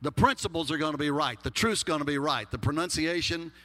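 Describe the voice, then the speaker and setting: A man's voice: on the high side, brisk, sharp tone. A man with a Texas accent preaching a sermon as pastor, folksy and emphatic with humorous asides. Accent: Texan. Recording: long hall reverb.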